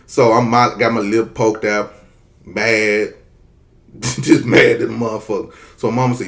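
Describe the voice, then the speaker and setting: A man in his thirties telling a childhood story in a casual, profane, animated way. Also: fairly low pitch, a little slow, creaky. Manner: animated, profane, acts out voices.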